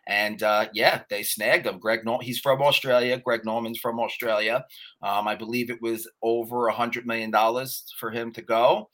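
A man appearing as a guest on a podcast, who explains golf news in a relaxed way and makes dry jokes. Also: medium pitch, normal speed. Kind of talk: casual podcast chat.

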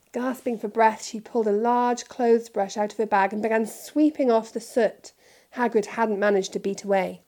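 A woman reading a children's novel aloud in steady, clear narration. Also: fairly high pitch, moderate pace. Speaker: storybook reader.

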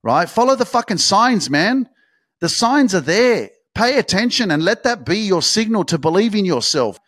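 A man delivers a motivational podcast monologue, intense and profane, repeating his points for emphasis. His voice sits somewhat high for a man. The recording is dry and close, with no room sound. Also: sing-song, moderate pace, a bit bright, dry recording. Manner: intense, swearing, repetitive, pep-talk emphasis. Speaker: podcast host.

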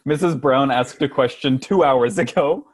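A man's voice: medium pitch, normal speed. A man co-hosting a podcast, talking in a rambling, casual way full of fillers. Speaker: podcast co-host. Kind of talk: casual chat.

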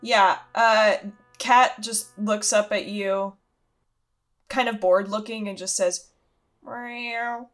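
A woman running a tabletop fantasy game as game master, narrating scenes in a chatty, casual way with plenty of fillers. Her voice sits at a middle pitch. Faint music plays underneath. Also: steady tone, slow pace, a bit bright.

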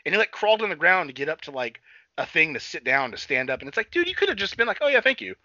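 A young man co-hosting a casual podcast, swearing freely and rambling through a recap while acting out characters in quick voices. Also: on the high side, very animated, sharp tone, dry recording. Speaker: podcast co-host. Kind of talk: casual profane chat recapping a TV episode. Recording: dull lo-fi sound.

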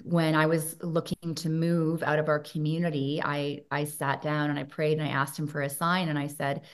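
A woman talking earnestly in an interview, telling personal stories with animated moments. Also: low-pitched. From Canada. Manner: earnest storytelling, animated when recounting signs. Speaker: guest.

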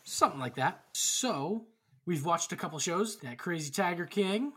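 A man's voice: high-pitched, expressive, moderate pace, bright, forceful tone, slightly rough. Rambling male podcast host. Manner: rambling, many fillers. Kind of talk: casual group chat.

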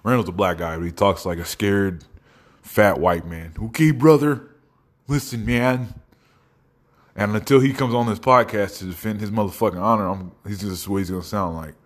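Low-voiced podcast host from Oklahoma, loose, profane, storytelling monologue. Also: male voice, a little fast. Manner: profane, rambling storytelling with laughs. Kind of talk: casual comedic monologue.

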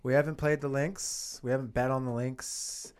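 A man's voice: mid-range voice, little pitch movement, moderate pace, clear, resonant tone. Swearing, joking podcast co-host man. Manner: swears freely, jokey, mock English accent at times. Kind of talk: casual chat.

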